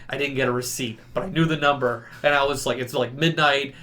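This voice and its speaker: A man's voice: mid-range voice, a little fast, hardly any pauses, crowd noise. A man telling trip stories in casual podcast chat, acting out quotes and laughing as he goes. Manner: animated storyteller, acts out quotes with laughter. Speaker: podcast guest recounting a trip.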